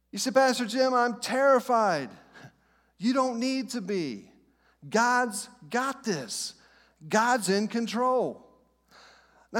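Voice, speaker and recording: High-voiced man preaching in a reverberant hall. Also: a bit bright. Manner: preaching with dramatic pauses and repeated reassurances. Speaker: pastor. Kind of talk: sermon.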